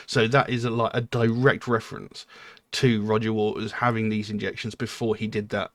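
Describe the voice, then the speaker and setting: A man's voice: lowish voice, flat delivery, normal speed, no room sound, studio quality. A man hosting a music reaction channel, giving casual, rambling commentary full of "you know" and "um".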